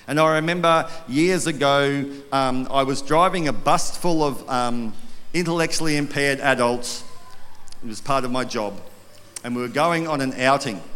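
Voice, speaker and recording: Man preaching in a big hall. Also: mid-range voice. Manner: storytelling, animated, acts out quoted voices. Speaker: pastor. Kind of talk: sermon. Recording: long reverb of a large hall.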